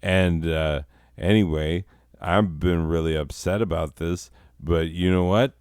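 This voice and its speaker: A man's voice: low voice, steady tone, a little slow, darkish tone, clean tone, dry recording, clean studio sound. A man hosting a comedy podcast, telling a rambling, profane story full of asides and self-corrections. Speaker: podcast host.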